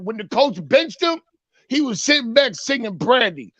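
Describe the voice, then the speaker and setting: A man's voice: very high voice, sing-song, normal speed, bright, forceful tone, no echo, highs cut off. A man doing a comedic sports rant segment, mocking and punchy, with a repeated catchphrase. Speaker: sports talk segment host.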